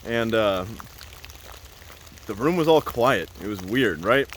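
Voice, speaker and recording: A man's voice: lowish voice, expressive, slow pace, slight background noise. A man telling a casual, rambling story as a vlogger, full of "like" and "uh" and laughing often.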